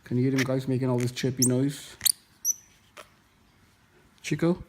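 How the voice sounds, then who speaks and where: A man's voice: mid-range voice, level tone, unhurried. Man coaxing his pet monkey. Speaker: pet vlogger. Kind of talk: casual pet video narration. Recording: echoey room with noticeable noise.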